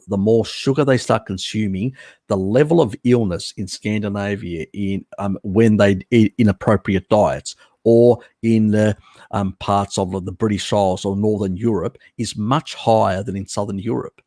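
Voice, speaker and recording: A man's voice: on the low side, a little mellow, no room sound, studio quality. A man hosting a live stream, answering viewer questions in a blunt, rambling way with many fillers and restarts. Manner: blunt, casual, swears. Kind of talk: unscripted live Q&A.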